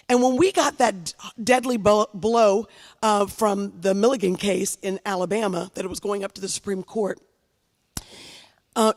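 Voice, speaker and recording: A woman's voice: on the high side, long reverb tail. A congresswoman giving an impassioned speech at a commemoration, repeating phrases for emphasis. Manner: impassioned, rising to rallying calls.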